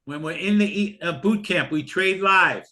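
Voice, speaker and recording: Pitching a trading course during a live stream, the man speaks at an ordinary speed, his high voice pushed and bright. He's sincere and emotional throughout, frequently repeating what he's said.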